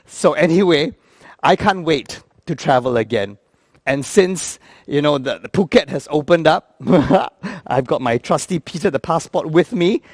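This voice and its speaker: A man, telling comic travel stories in an animated, playful way and acting out the characters. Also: fairly high pitch, a little slow, no echo, studio quality. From Singapore. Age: 50s. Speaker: actor. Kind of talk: comic storytelling.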